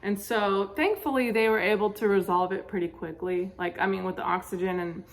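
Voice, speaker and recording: A woman's voice: medium pitch, fairly even intonation, a little fast. A young woman vlogger casually telling a personal story, chatty with lots of fillers. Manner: chatty, many fillers, laughs while telling.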